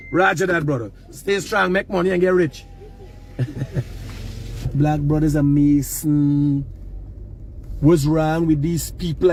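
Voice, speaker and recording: A man's voice: fairly high pitch, a little hiss or hum. A man with a Guyanese accent, talking casually and emphatically outdoors, lecturing passers-by about work and money. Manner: lecturing, emphatic, Creole-laced. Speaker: vlogger. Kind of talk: casual street vlog talk. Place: outdoors near work sites.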